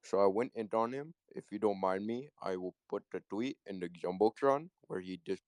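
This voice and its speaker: A man's voice: lowish voice, moderate pace, no room sound, close to an everyday voice. A man calling in to troll, using a put-on Indian accent in a stilted, baiting delivery. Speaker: caller. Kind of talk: call-in prank.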